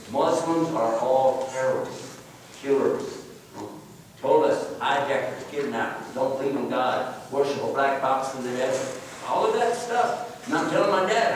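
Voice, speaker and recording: A man's voice: mid-range voice, animated, moderate pace, slight background noise. A man telling a story to an audience, folksy and joking, speaking as a preacher. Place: lecture hall. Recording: very echoey hall from far off.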